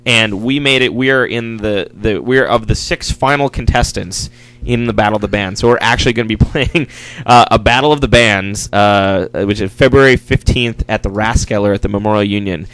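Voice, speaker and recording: A man's voice: lowish voice, a little fast, fairly bright tone, dry recording, poor audio. A man in a band, chatting casually in a radio studio interview, rambling with fillers and frequent chuckles. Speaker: band member.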